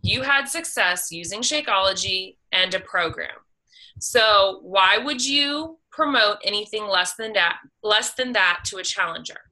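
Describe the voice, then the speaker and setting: Woman, team leader on a coaching call; very bright tone, steady and encouraging. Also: mid-range voice, unhurried, rough recording. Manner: steady, encouraging, with "you know" and "um" fillers.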